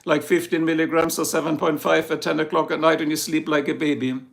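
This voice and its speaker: Gravelly German man hosting a live chat. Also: fairly high pitch, level tone, fast talker. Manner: chatty, joking, greets viewers by name. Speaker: livestream host. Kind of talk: casual live chat reading comments. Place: home in Ohio.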